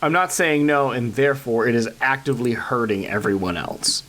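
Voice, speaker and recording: A man's voice: medium pitch, moderate pace, a bit bright, a little hiss or hum. A man co-hosting a casual podcast, joking and playful as he chats. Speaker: podcast co-host. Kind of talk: casual chat.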